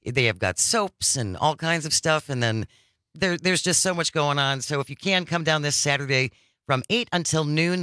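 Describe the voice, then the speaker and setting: A man's voice: mid-range voice, bright, forceful tone, no room sound, studio quality. A man hosting a radio talk show, chatting enthusiastically with a co-host and callers. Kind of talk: casual radio chat.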